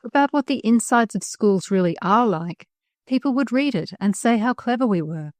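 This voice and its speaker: A woman plays an eager, persistent young girl, keen and a little prim, pitching her voice slightly above her own natural one. The delivery is animated and lightly acted, a little high and darkish in tone, at a moderate pace, recorded dry with studio quality.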